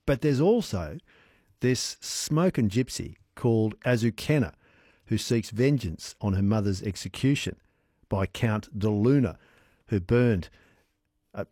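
A man hosting an evening radio show in a studio, joking playfully with quick asides. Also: fairly low pitch, animated, warm tone, no echo. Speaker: radio host. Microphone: studio microphone.

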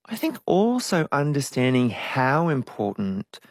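A man's voice: mid-range voice, wildly swooping pitch, measured pace, no echo. A middle-aged man, a guest musician, telling his story candidly in an interview and acting out his own past voices. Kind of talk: conversational interview.

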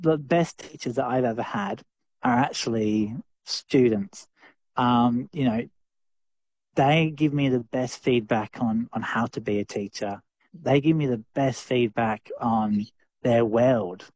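A man's voice: medium pitch, unhurried, darkish tone, no echo. A man with an Australian accent, a drama teacher answering interview questions thoughtfully, with lots of fillers and restarts.

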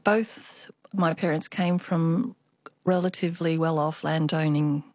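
A woman's voice: sits low, steady tone, a little slow, a little mellow, no room sound, clean studio sound. An older woman, an artist, telling family stories as a guest in a radio interview. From Australia. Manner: reflective storytelling, with small restarts.

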